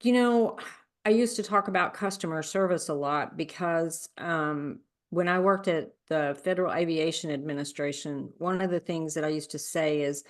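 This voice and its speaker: A woman with a somewhat low-pitched voice hosts a podcast in relaxed conversation. She tells personal stories earnestly and at length. Her tone turns heated when she talks about people being mocked. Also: normal speed. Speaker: podcast host. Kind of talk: casual conversational podcast chat.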